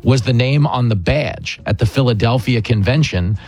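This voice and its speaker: A man's voice: medium pitch, normal speed, darkish tone, slightly rough, faint music behind. A man hosting a talk radio show, chatting in a sarcastic, mocking way. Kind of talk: opinionated talk radio chat.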